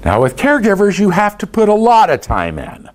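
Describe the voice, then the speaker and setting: A man's voice: high voice, huge pitch swings, brisk. A man giving a folksy, anecdote-filled motivational talk to a group of caregivers. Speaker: speaker to caregivers.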